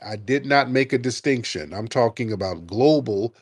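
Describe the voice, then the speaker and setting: A man's voice: medium pitch, expressive, moderate pace, breathy edge, dry recording, clean studio sound. A man hosting a call-in radio show who argues sharply and presses his caller.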